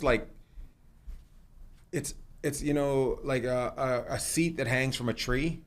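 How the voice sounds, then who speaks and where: A man's voice: medium pitch, slow pace, long pauses. A middle-aged man hosting a casual comedic chat, telling rambling stories and swearing freely. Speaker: podcast host.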